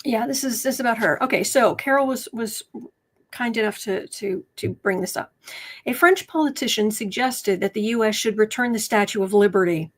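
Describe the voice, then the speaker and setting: A woman's voice: a little high, moderate pace. A woman doing casual livestream commentary as a tarot reader and political commentator, chatty and sardonic, reading viewer comments aloud.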